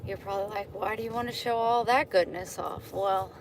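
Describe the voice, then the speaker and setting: A woman talks a little fast in a mid-range voice as she walks outside filming on her phone, her livestream chat wandering and easily derailed. Outdoor ambience and traffic noise come through on the recording.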